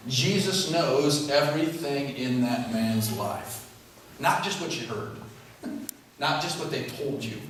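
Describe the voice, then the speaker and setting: A man's voice: fairly high pitch, far from the mic, a little hiss or hum. A male pastor preaching a sermon in a conversational way, full of rhetorical questions. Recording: very echoey hall, heard from afar.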